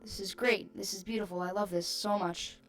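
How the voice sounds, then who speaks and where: A woman's voice: medium pitch, steady tone, moderate pace, a bit bright, soft background music. A woman hosting her channel, reading a rhyming online post aloud with amused, giggly asides.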